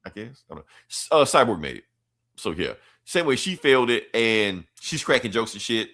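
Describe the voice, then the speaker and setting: A man's voice: lowish voice, big pitch swings, normal speed, pushed and bright. A young adult man hosting a podcast, recapping a comic in a rambling, slangy, profane and offhand way. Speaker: podcast host.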